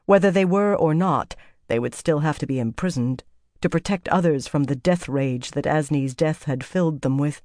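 Audiobook narrator, measured and even, dry close recording, mid pitch. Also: no room sound. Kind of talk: scripted fantasy narration.

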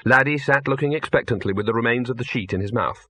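A male audiobook narrator with a mid-range voice, telling the story in a wry, even way. The recording is close and dry, with no room sound. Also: medium pitch, fairly quick, hardly any pauses, no room sound. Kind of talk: scripted narration.

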